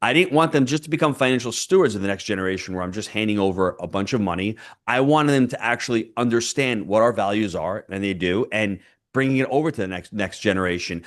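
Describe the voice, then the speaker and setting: A middle-aged man, a real estate investor appearing as a podcast guest, telling stories in an animated, emphatic way with punchy phrasing. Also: fairly low pitch. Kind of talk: podcast interview.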